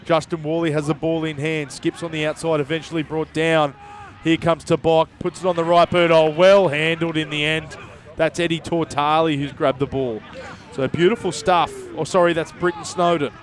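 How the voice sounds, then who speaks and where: A man giving live play-by-play commentary at a local rugby league game, quick and jokey with his co-commentator. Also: fairly high pitch, flat delivery. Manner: brisk, jokey banter with co-commentator. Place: outdoors at a local sports ground.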